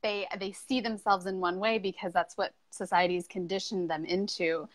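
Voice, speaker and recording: A woman hosts a casual interview and speaks in a middle-pitched voice. She backs up her guest with eager yeses, adds her own reflections and laughs readily. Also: steady tone, normal speed. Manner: warmly affirming, eager agreement, frequent laughter. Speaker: podcast host.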